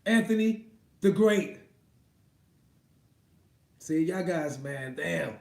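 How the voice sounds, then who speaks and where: Casual male live-stream host, high voice, loose and profane, echoey room. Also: animated, extremely slow, gravelly, a little mellow. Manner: loose, profane, laughs often. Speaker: boxing livestream host.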